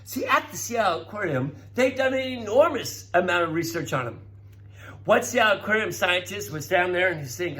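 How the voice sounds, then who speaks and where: A middle-aged man telling children a science story, calling each child by name and getting excited as he goes. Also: high-pitched, a little fast, poor audio. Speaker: presenter talking to children. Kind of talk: storytelling science talk for kids.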